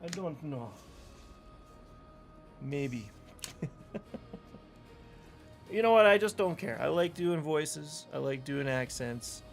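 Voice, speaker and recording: A chatty, playful man talks to his viewers while cracking card packs in a room at home. His voice sits a bit higher than most men's. Faint music plays underneath. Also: lively intonation, slow pace, creaky, pauses often. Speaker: channel host opening card packs. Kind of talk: casual chat while opening packs. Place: room at home with fans running.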